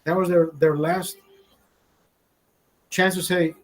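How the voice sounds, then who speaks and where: A man's voice: sits high, flat delivery, slow. A man talking to his stream in a rambling, emotional monologue, swearing often and talking to himself. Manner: rambling, heavy swearing, self-talk.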